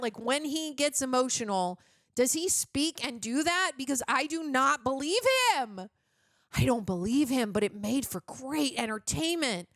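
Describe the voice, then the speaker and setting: A woman's voice: high voice, expressive, unhurried, fairly bright tone, no echo, studio quality. A woman hosting a casual movie reaction, chatty and rambling with lots of fillers.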